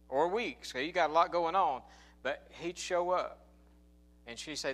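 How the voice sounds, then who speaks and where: A man's voice: on the high side, moderate pace, fairly bright tone. A man preaching a sermon, telling folksy stories with stammered restarts. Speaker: pastor and song leader.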